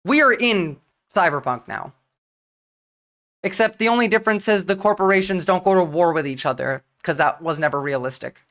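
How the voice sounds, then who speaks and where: A woman's voice: fairly low pitch, animated, fairly bright tone. Blunt New woman streamer. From New Jersey. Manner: blunt, profane, talks fast in bursts with restarts. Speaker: livestream political commentator. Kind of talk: casual livestream commentary.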